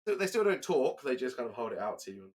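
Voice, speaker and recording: A man narrating as game master, in a loose, halting way with fillers and restarts. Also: medium pitch, big pitch swings.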